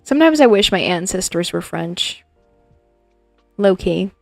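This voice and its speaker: A woman's voice: lowish voice, animated, a little slow, gravelly, darkish tone, no echo, faint music behind. A woman streaming as a digital artist, chatting casually and playfully with her viewers in a rambling way. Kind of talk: casual livestream chat with viewers.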